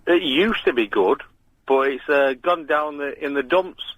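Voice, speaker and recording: A man's voice: a little high, a little slow, muffled recording, a little hiss or hum. A man from Morecambe, rambling cheekily as a caller to a radio phone-in. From Morecambe, England. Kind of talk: casual phone-in call.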